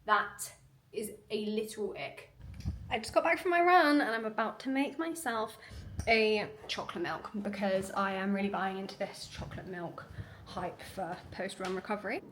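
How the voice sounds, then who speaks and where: A woman's voice: mid-range voice, fairly bright tone, distant mic, slight background noise. A young woman chats into a handheld camera at home, full of wry asides and self-mockery. Her voice is stuffy from a lingering cold, and at times she drifts away from the microphone. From United Kingdom. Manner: chatty, self-mocking, quick asides. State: nasal from a cold. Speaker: vlogger. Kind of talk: casual vlog chat. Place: home bedroom.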